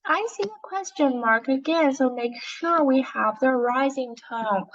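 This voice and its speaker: Slow, patient woman teaching reading. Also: sits high, animated, a bit bright, highs cut off. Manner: slow, patient, encouraging, modelling expression. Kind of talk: online English reading lesson for young learners.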